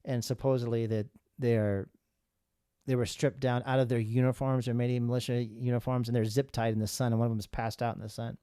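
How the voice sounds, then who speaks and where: A man's voice: medium pitch, level tone, brisk, mellow, smooth, no room sound, studio quality. A middle-aged man from the United States, a guest telling a personal story in an earnest way, often repeating words for emphasis.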